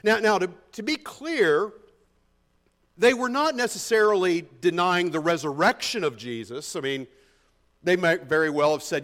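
A pastor preaching an expository sermon in a conversational, emphatic way, often asking the congregation rhetorical questions. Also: male voice, high voice, lively intonation, moderate pace, fairly bright tone.

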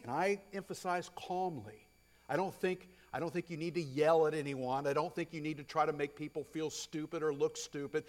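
Male preacher, slightly high voice, emphatic sermon, repeats lines for stress. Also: normal speed. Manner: emphatic preaching, swings from loud to hushed. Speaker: pastor.

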